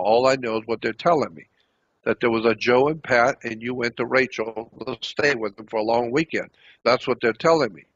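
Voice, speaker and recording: A man's voice: medium pitch, a bit bright, husky, muffled recording. An older man telling a personal story as a channel host, earnest, often repeating himself and restarting phrases. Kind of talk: storytelling monologue.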